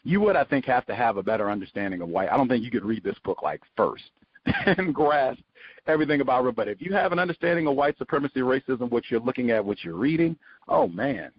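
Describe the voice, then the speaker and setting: A man hosting a book study show, giving sarcastic, animated commentary as he reads. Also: mid-range voice, fast, slightly rough, muffled recording. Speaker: host.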